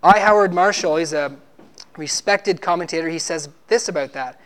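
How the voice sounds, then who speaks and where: A man's voice: on the high side, moderate pace, fairly bright tone, smooth. A man preaching a sermon, arguing emphatically and teaching with rhetorical questions.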